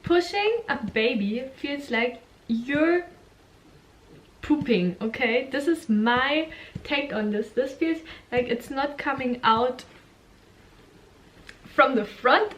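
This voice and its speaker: A young woman speaks slowly and candidly to camera in a casual vlog. Her voice sits a little high for a woman, and she breaks into frequent giggles while acting out the lines of people in her story. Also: fairly bright tone. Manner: candid, giggly, acts out quotes. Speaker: vlogger.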